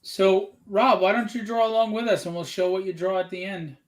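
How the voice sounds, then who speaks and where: A man with a notably high speaking voice hosts a live drawing stream in easy, chatty fashion. He banters and cracks jokes, drifting off on tangents before circling back to plug his project. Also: little pitch movement, brisk. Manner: chatty, joking, promotes his book between tangents. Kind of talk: casual live-stream chat.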